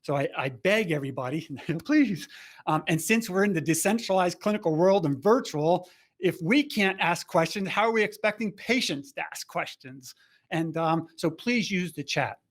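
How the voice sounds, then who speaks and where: A man hosting a webinar over a video call, talking in a rambling, halting way with many restarts. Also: high-pitched, expressive. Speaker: host.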